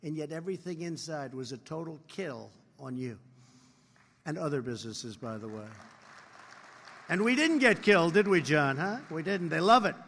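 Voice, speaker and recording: His voice sits on the high side, expressive and fairly bright, with vocal fry and a slight roughness, at a moderate pace. A man in his seventies, he delivers a rambling convention speech in a large hall, repeating himself and bragging in asides, with audible hall reverb.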